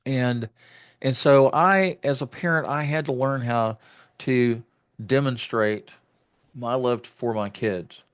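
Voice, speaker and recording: A man's voice: medium pitch, slow, clean tone. A man hosting a podcast interview, talking reflectively about fatherhood with many restarts. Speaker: podcast host. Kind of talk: conversational interview.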